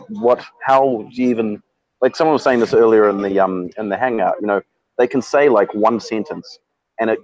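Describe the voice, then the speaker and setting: A man on an online panel speaking in an exasperated, emphatic, halting way. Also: lowish voice, muffled recording. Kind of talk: casual online panel chat.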